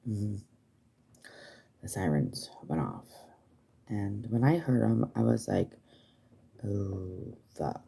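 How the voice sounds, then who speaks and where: A woman's voice: rumbling low, huge pitch swings, slow, gravelly, pauses often, dark tone, husky. A woman chatting casually on a livestream, rambling, swearing freely and using many fillers.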